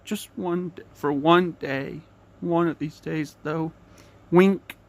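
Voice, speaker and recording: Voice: medium pitch, fairly even intonation, slow pace, pitched below the performer's own voice. A young fan performer voicing an eager, apologetic sea sponge hero in a homemade cartoon, rambling and restarting often. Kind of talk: fan-made cartoon voice acting.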